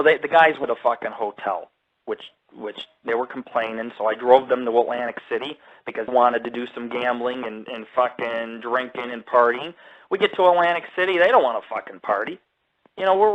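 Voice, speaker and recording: A man's voice: medium pitch, lively intonation, moderate pace, highs cut off. A man hosting a live radio show, telling a story in blunt, heavily profane casual talk. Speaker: radio show host and paranormal group founder.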